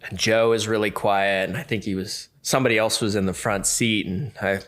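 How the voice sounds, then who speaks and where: A man telling a story as a podcast guest, lively and acting out the other people in it. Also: lowish voice, a little fast. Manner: lively, acts out the other people in his stories. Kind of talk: casual storytelling.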